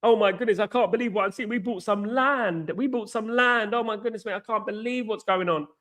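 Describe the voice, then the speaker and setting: A man's voice: high-pitched, a little fast, fairly bright tone, voice pushed up. A man voicing a giddy, gushing adult male football fan in breathless, over-the-top amazement. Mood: mock amazement.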